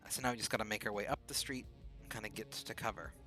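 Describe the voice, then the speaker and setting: A man's voice: fairly low pitch, fairly even intonation, fast talker, pushed and bright, faint music behind. A man streaming a video game late at night, casually thinking aloud about his moves. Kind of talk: casual gameplay commentary.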